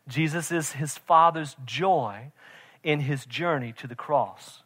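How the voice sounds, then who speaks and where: A man preaching a sermon as pastor, emphatic, swinging from shouts to quiet intensity and often checking in with "right?". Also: a little high, slow pace, slightly rough. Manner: emphatic, repeats "right?" to the congregation.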